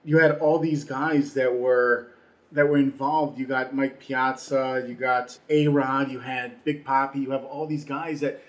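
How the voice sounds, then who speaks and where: A man co-hosting a casual sports talk show, from Chicago, talking fast and putting on voices now and then. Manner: animated, mimics people in high voices. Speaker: sports podcast co-host. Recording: roomy echo.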